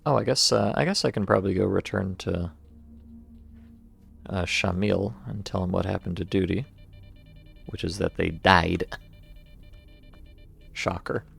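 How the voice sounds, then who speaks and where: Gravelly American man streaming a game. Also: deep voice, measured pace, pauses often, soft background music. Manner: dry, sarcastic asides. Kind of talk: let's-play commentary, reading in-game text aloud.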